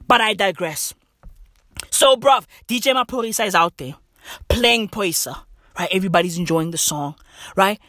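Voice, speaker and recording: A man hosting a podcast, telling a story in an animated, profane, slang-heavy monologue. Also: very high voice, no echo, clean studio sound. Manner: swearing, slangy, says "bruv" and "right?" often. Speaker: podcast host.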